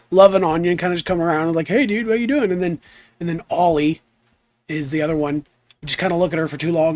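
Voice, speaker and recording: A young man chatting in a relaxed, rambling way while streaming a game, trailing off into asides. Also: a little high, dry recording. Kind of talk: relaxed live stream chat.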